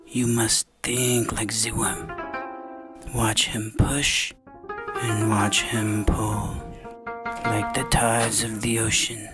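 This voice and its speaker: Male voice as a flat, slow-intoning mystic guru over a music bed. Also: fairly low pitch. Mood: solemn.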